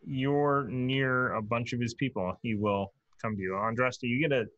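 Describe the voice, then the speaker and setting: A man running a tabletop role-playing game as dungeon master, briskly calling out rolls and turns. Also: medium pitch, a bit bright, no echo, highs cut off.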